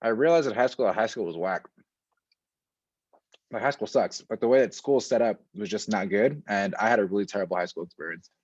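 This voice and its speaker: Relaxed, slangy man with a low voice. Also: fairly quick, dry recording. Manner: relaxed and slangy, many fillers. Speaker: school administrator. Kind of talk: casual interview answers. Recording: dull, lo-fi and dry.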